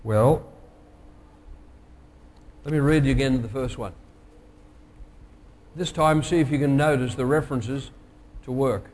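A pastor delivering a sermon, measured and emphatic, slowing down to stress key phrases. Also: male voice, mid-range voice, a little mellow. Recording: long hall reverb.

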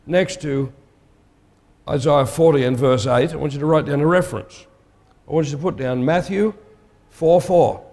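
Putting questions to his audience, a man preaches in an emphatic, conversational manner. His voice is a little high and shows vocal fry. The recording has a long, hall-like reverb.

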